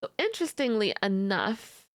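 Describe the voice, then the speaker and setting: A woman's voice: medium pitch, very animated, normal speed, no room sound, studio quality. A young adult woman streamer chatting casually with her audience, giggly and playfully teasing. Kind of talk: casual live-stream chat.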